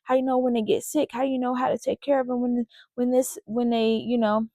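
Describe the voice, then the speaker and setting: A woman's voice: on the high side, flat delivery, fast, mellow, no echo, natural voice. A woman doing a curious young guy. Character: curious young man expecting a baby.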